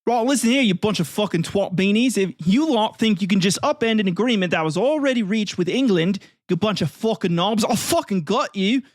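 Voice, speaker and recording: A man voicing a furious British sea captain who shouts crude insults. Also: high voice, lively intonation, fairly quick, hardly any pauses, no echo, studio quality, voice pushed up.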